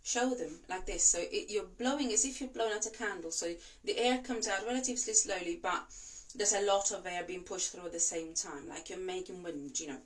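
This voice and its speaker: A woman, a voice and breathing coach whose first language is not English, giving calm, reassuring instructions and demonstrating slow breaths. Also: fairly low pitch, far from the mic. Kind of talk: instructional talk to camera.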